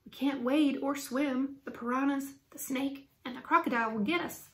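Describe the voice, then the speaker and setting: A woman doing a spunky little girl, high and shrill. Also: normal speed. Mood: chatty. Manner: loud, high exclamations. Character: excitable young girl adventurer. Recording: roomy echo.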